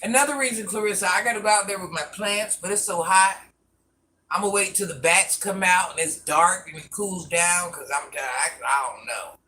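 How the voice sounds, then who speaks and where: A man's voice: high-pitched, moderate pace, sharp tone, a little hiss or hum. A man rambling through a casual live stream, answering viewer comments and talking to people off camera in a folksy way.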